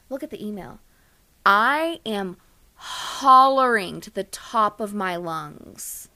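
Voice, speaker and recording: A woman's voice: fairly high pitch, slow pace. A young woman co-hosting a podcast, telling a story in a casual, dramatic way and acting out what people said. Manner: animated, dramatic storyteller who acts out quotes. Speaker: podcast co-host.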